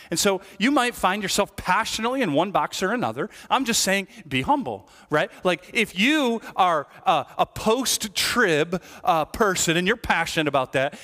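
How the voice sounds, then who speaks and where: A man's voice: a little high, fairly bright tone. A middle-aged man preaching a sermon as lead pastor, talking conversationally and often checking in with the congregation. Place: church sanctuary. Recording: long reverb of a large church hall.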